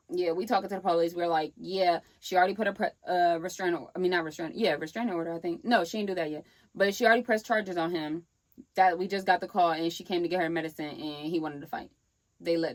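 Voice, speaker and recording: Young woman vlogger, animated storyteller who acts out quotes; dry, close recording. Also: medium pitch, dry recording. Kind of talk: storytime vlog.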